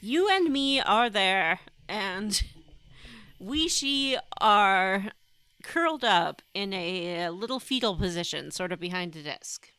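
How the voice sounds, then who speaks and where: A woman's voice: medium pitch, lively intonation, slow pace, bright, forceful tone, clear, resonant tone, no room sound. A woman co-hosting a casual gaming podcast, joking playfully and admitting she is not much of a gamer. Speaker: podcast co-host.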